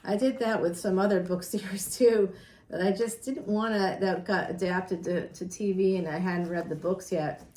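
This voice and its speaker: A woman's voice: medium pitch, fairly even intonation, normal speed, a little mellow, echoey room. A woman giving a casual tarot reading, chatty and rambling, laughing often and talking straight to her viewers. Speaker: tarot reader.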